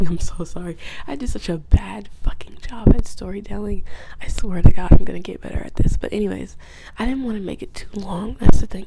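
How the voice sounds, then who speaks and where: Woman vlogger, gravelly voice, swears a lot and mutters half-whispered asides, noisy home recording. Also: medium pitch. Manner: rambling, profane, drifts into whispered asides. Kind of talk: casual video essay recap.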